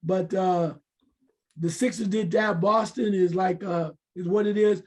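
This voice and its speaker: Husky high-voiced man giving hot takes. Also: steady tone, a little slow, darkish tone. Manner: opinionated, loose, with fillers. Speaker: sports radio co-host. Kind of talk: casual sports talk.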